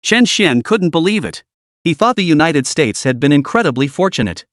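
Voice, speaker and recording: A man narrating a scripted story recap in an even storytelling delivery. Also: a little high, normal speed, dry recording, clean studio sound.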